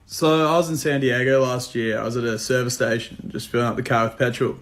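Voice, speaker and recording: A man's voice: mid-range voice, steady tone, fairly quick, fairly bright tone, slight background noise. A man from Australia with an Australian accent tells a story in a laid-back way, acting out both sides of the dialogue. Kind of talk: casual storytelling.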